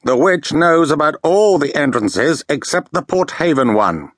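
A man's voice: a little high, animated, measured pace, fairly bright tone, dry recording, clean studio sound, voice pushed up. A man voicing an irritable male fire demon who talks in a curt, hissing way, in a storybook reading. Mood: testy.

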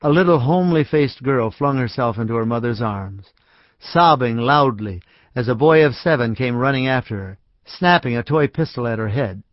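Man narrating an audiobook, measured storytelling, dry studio, slightly muffled. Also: medium pitch, expressive, no echo. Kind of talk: scripted narration.

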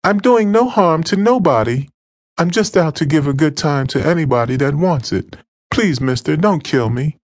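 A terrified young girl whimpers her pleas in a high, strained voice, as a male narrator puts her on. She sounds small, cornered and desperate in this audiobook thriller, and the delivery is close and dry. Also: lively intonation, moderate pace, dry recording. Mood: pleading. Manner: pleading, whimpering. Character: frightened young London streetwalker girl.

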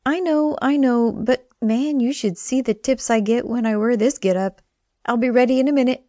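A woman's voice: on the high side, moderate pace, mellow, no room sound, studio quality, voice pushed up, lightly acted. A woman doing a bubbly young hacker gal. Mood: playful.

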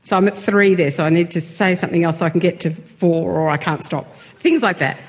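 Woman guest, lowish voice, chatty, self-deprecating, laughs a lot, casual interview. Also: fast talker.

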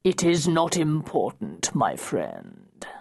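A woman's voice: a bass voice, wildly swooping pitch, creaky, breathy edge, full character voice. A woman voicing a cold, cryptic unseen spirit. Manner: slow, quiet, drawn-out menace. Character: mysterious powerful male spirit, cold and cryptic. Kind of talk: audiobook character voicing.

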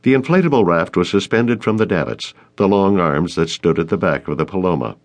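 A male audiobook narrator with a lowish voice and a lively, animated storytelling delivery. He reads with expressive rises and falls. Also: fairly quick. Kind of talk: scripted narration.

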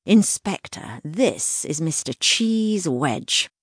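An eager, well-mannered aristocratic gentleman detective from a children's audiobook, voiced by a woman. He sounds quick and cordial, with a low, slightly husky tone. The recording is close and dry. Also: big pitch swings, no echo, full character voice. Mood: brisk, cordial. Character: aristocratic young gentleman detective, lively and brisk.

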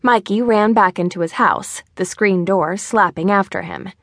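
A woman narrating a mystery novel with an even storytelling delivery. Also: medium pitch, moderate pace, no room sound, studio quality. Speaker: audiobook narrator. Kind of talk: scripted narration.

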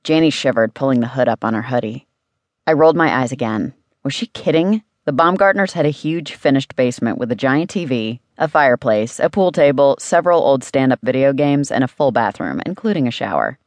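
A woman narrating a first-person novel aloud as an audiobook, with an expressive reading. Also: very deep voice, brisk, no room sound.

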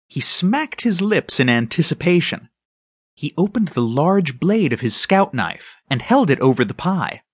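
A man narrating a children's storybook in a husky voice. His pitch moves in a lively, storytelling way. The studio recording is close and dry. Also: unhurried, no room sound. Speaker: audiobook narrator. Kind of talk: scripted narration.

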